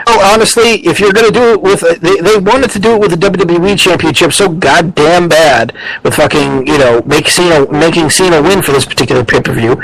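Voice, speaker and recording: A man's voice: on the high side, fairly bright tone, rough recording. Rambling, opinionated podcast host, man. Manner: rambling, opinionated, swears freely, lots of ums and restarts. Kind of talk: casual wrestling podcast chat.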